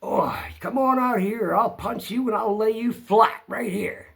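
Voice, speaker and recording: A man acting out an angry neighbor, shouting threats in a raised voice. The voice jumps well above the speaker's usual pitch and gets louder. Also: a little slow, gravelly, exaggerated voice. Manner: yelling threats.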